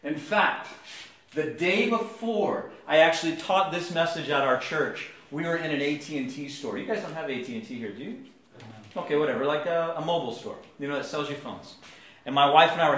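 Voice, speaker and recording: A man in his thirties preaching a sermon, telling family stories with big swings from hushed to loud. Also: mid-range voice, reverberant, a little hiss or hum. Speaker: pastor. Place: church.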